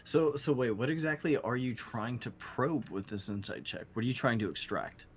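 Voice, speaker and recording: A man narrating as game master of a tabletop game, animated and questioning. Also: medium pitch, moderate pace, slight background noise.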